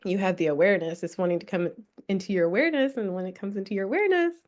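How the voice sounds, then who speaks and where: A woman's voice: medium pitch, very fast, a little mellow. A young woman hosting a spiritual workshop, talking casually, laughing often and swearing freely as she leads a breathing exercise. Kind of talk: casual live workshop talk with guided breathing.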